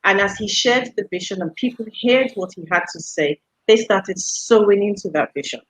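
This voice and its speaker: A middle-aged woman from the UK speaks as an interview guest with an animated, storytelling manner. Her voice sits in a mid range, and she talks in a relaxed, conversational way. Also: medium pitch, moderate pace, rough recording. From United Kingdom. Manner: animated storyteller, laughs often, acts out quoted voices. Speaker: guest, radio station executive. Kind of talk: casual interview chat.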